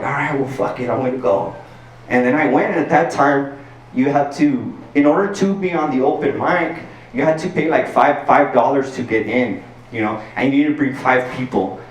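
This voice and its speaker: Male stand-up from El Paso, profane and animated, slightly higher register, roomy sound with faint background hiss. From El Paso, Texas. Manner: animated and profane, peppered with "like" and "dude". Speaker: stand-up comedian. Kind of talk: stand-up storytelling. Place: packed garage show. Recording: roomy sound from a distant mic.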